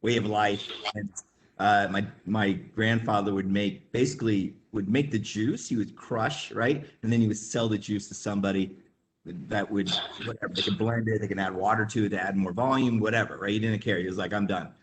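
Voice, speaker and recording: A man's voice: lowish voice, steady tone, a little fast, slight background noise. A man who grew up in the Midwest, telling a rambling casual story with lots of fillers, laughs and acted-out quotes. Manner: acts out quoted voices. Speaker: webinar guest.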